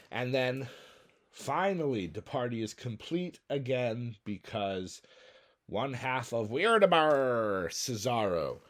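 A man hosting and narrating a simulated wrestling battle royal in a playful, jokey way, sometimes humming entrance music. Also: mid-range voice. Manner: playful, jokey, breaks into sung hums and mock announcer bits. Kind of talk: solo play-by-play commentary.

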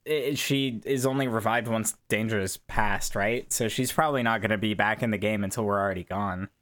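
A man's voice: fairly low pitch, fairly quick, fairly bright tone. A man playing in a tabletop role-playing podcast, rambling through explanations with many hedges. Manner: rambling, hedging with fillers. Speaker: player. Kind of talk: actual-play podcast chat.

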